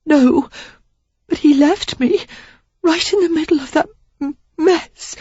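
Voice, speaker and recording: A reader doing a tearful young gentlewoman. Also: steady tone, fairly quick, no echo, highs cut off, natural voice. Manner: high, gasping and sobbing. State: crying. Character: tearful young gentlewoman writer, prim and shaken.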